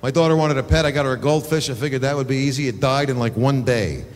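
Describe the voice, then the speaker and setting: A man performing stand-up comedy, telling crude, exasperated stories with quick acted asides. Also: medium pitch. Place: theater stage. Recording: live show in a large hall, audience noise.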